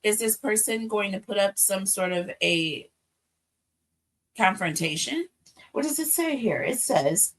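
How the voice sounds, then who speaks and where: A woman's voice: mid-range voice, animated, a little slow, fairly bright tone, low-quality recording. A woman giving a casual tarot reading, musing aloud and checking in with her listeners. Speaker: tarot reader.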